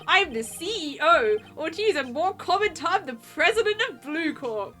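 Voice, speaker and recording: A woman's voice: very high voice, expressive, normal speed, fairly bright tone, soft background music, pitched above the performer's own voice. A woman voicing a pompous, posh, wealthy male company president in a video game, speaking in flowery, self-important phrases.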